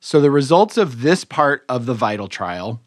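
A man of middle pitch talks through a medical study in a relaxed, explanatory way, often stopping to rephrase. The close recording is dry, with no room sound around him. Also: normal speed, dry recording. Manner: explanatory, relaxed, thinks aloud with restarts. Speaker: podcast co-host physician reviewing papers. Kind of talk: conversational medical journal review.

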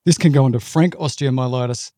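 A man's voice: mid-range voice, fast, warm tone, no room sound, studio quality. A male physician co-hosting a medical education podcast, explaining clinical complications in a plain-spoken way with vivid asides.

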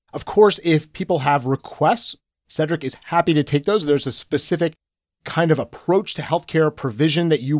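Male podcast co-host, fairly high-pitched, dry close sound, explanatory teaching delivery. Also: no echo. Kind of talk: conversational medical podcast summary.

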